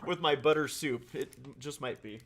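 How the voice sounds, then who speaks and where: A man's voice: a little high, moderate pace, fairly bright tone. A man co-hosting a podcast in casual chat, rambling and laughing often. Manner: rambling, laughs often, eating while talking. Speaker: podcast co-host.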